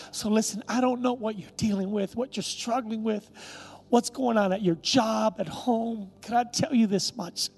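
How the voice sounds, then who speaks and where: A man pastor preaching a sermon, telling a personal story and then rising into a loud, impassioned prayer. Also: high voice, moderate pace, breathy edge. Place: church service.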